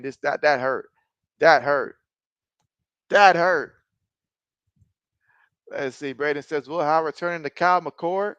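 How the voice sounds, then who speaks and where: A man in his thirties with a high voice calls a football game play by play on a live stream. He reads chat out loud and gets excitable when a big play happens. The sound is dry and close, with no room echo. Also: clean tone. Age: 30s. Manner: excitable, reacts loudly to plays. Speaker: live-stream sports host.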